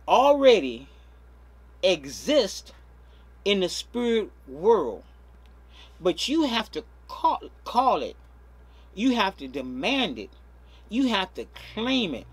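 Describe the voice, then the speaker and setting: Male pastor delivering a sermon with an animated, husky voice that leans hard on each key phrase. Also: high voice, slow, long pauses. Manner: emphatic, stretching key words, frequent repeats.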